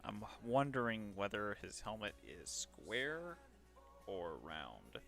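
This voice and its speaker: A man's voice: fairly low pitch, very animated, slow, creaky, fairly bright tone, soft background music. A man casually chatting to viewers while working on a 3D model commission, joking at his own expense. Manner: chatty, self-deprecating, talks to himself while working. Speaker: streamer doing 3D modeling commissions. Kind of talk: casual livestream commentary.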